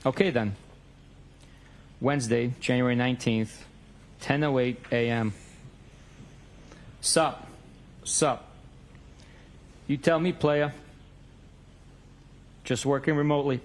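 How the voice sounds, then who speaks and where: Guy on the stand reading back a text convo, reads out the dates and times, middle pitch, courtroom mic. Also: fairly even intonation, slow, long pauses, slight background noise. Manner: reads both sides of a text exchange, stating dates and times.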